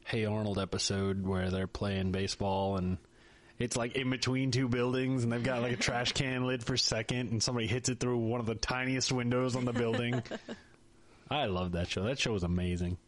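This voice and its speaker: A man's voice: mid-range voice, level tone, moderate pace, no room sound. A man co-hosting a podcast, chatting casually with jokes and self-mocking asides. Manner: joking, rambling, self-mocking. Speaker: podcast co-host.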